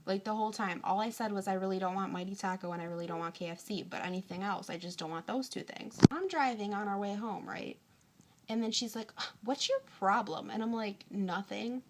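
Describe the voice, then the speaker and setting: A young woman telling a story to her phone camera in a casual rant, tired and hungry, exasperated, acting out both sides of an argument in animated bursts and swearing often. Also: mid-range voice, a little fast, noisy background. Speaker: vlogger.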